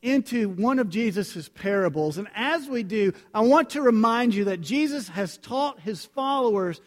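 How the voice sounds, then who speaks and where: A man's voice: sits high, expressive, moderate pace. A man preaching a sermon and reading scripture aloud, talking earnestly and directly to his congregation. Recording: long hall reverb.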